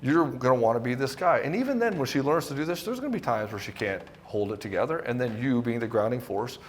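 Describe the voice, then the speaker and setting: A man's voice: mid-range voice, animated, fast talker, a little hiss or hum. A man coaching husbands on relationships, talking bluntly and casually, swearing freely and hammering points in short bursts. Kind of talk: direct-to-camera coaching talk.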